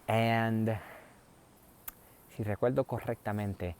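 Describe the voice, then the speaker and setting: A man's voice: on the low side, fairly even intonation, slow, darkish tone, slight background noise. A man telling a personal family story in a rambling, conversational way, full of restarts. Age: adult, a father.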